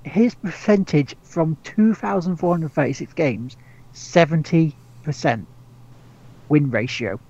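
A man's voice: fairly high pitch, measured pace, mellow, muffled recording. A man co-hosting a gaming podcast, rambling casually, stumbling over repeated words and swearing freely. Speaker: podcast co-host.

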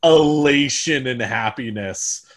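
A man's voice: medium pitch, slow pace. Rambling man chatting on a podcast. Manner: rambling, restarts and hedges often. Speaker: podcast host. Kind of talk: casual chat.

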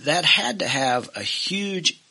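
A man's voice: fairly high pitch, lively intonation, slow, sharp tone, slightly rough. A man co-hosting a podcast, asking eager, leading questions of his guest. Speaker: podcast co-host. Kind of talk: interview questions.

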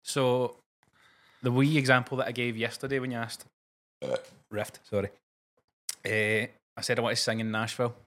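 A Scottish man chats in an easygoing way on a podcast. His voice is pitched mid-low. He tells wry stories and often laughs along. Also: level tone, moderate pace, pauses often, fairly bright tone. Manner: laid-back, dry, laughs often. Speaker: podcast co-host, musician. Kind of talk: casual chat.

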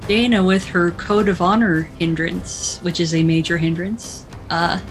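A woman playing a tabletop role-playing game, talking in a brisk and direct way. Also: lowish voice, low-quality recording. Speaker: player.

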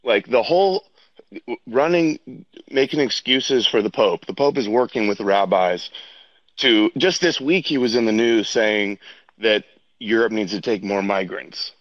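A man's voice: fairly low pitch, unhurried, no room sound, lo-fi sound. A man out of breath as he walks outdoors, arguing insistently as a debate guest. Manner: insistent, argumentative. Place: outdoors, walking.

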